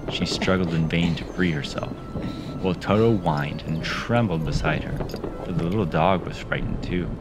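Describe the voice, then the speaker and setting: A man reading a children's story aloud and breaking in with sarcastic, deadpan asides. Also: deep voice, moderate pace, over loud music. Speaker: reader and host. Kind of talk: audiobook reading with sarcastic commentary.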